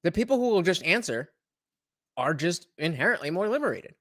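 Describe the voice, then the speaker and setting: Animated man reacting to a clip. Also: high-pitched, a little fast, dry recording, clean studio sound. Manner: animated, emphatic commentary. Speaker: YouTube commentary host. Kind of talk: reaction commentary.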